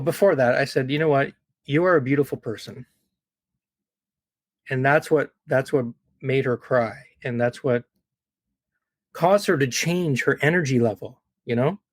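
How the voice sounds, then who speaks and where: A man with a voice of middling pitch speaks as an interview guest, earnest and heartfelt. He often repeats his words and checks in with the listener. The sound is dry and close, with no room echo. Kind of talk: earnest conversational storytelling.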